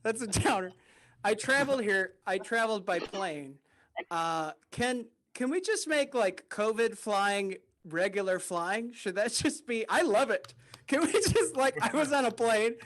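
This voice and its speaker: A man's voice: high voice, expressive, a little slow, a bit bright. A male comedian doing a rambling stand-up set over a video call, often chuckling at his own jokes.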